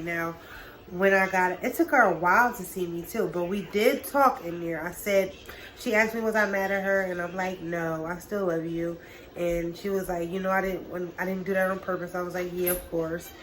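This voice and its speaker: A woman's voice: medium pitch, slight background noise, rough recording. Young woman swearing through a storytime vlog. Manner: casual, profane, talks to viewers as y'all. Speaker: vlogger.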